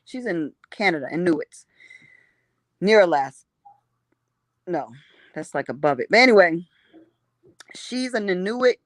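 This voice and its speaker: A woman's voice: fairly low pitch, fairly bright tone, no echo. A woman telling a story in casual conversation, emphatic and blunt, often repeating herself.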